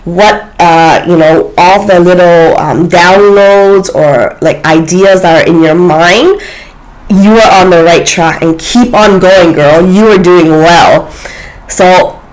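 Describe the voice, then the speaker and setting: A woman's voice: on the low side, slow, poor audio. A woman vlogger talking to her viewers in an earnest, reflective way, with many fillers and restarts. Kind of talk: casual spiritual talk to camera.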